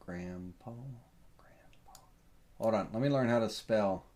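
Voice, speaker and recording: A middle-aged man with a Southern accent, hosting a live software tutorial and thinking aloud with plenty of fillers as he works. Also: fairly low pitch, brisk. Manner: relaxed, rambling, thinks aloud with many fillers.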